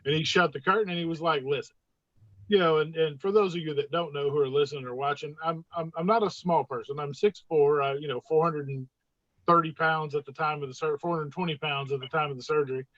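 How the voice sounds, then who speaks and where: A podcast guest telling a personal story in a casual, animated way, acting out the dialogue. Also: medium pitch, quick pace, no echo. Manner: animated, acts out quoted dialogue in raised voices. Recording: dull, dry lo-fi sound.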